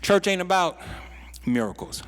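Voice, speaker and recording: A man's voice: high-pitched, very animated, moderate pace, a bit bright, big-room sound. A pastor preaching a sermon, repeating words as he builds a point and dropping in folksy asides. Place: church sanctuary.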